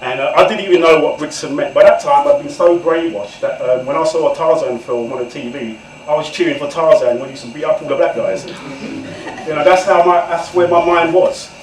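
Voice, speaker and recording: A man's voice: fairly high pitch, brisk. A man in his forties telling his life story to an audience, candid and conversational, often turning to the listeners directly. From England. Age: 40s. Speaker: guest author speaker. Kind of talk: personal storytelling talk to an audience. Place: event room with an audience. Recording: echoey room, far from the mic.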